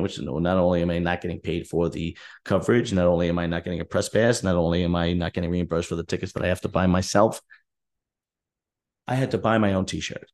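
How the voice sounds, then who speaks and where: A man with a low voice tells a long story on his own show. He speaks bluntly and sounds fed up, and he reenacts what he and others said. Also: darkish tone. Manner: direct, aggrieved, recounting dialogue. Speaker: podcast host. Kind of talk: casual storytelling monologue.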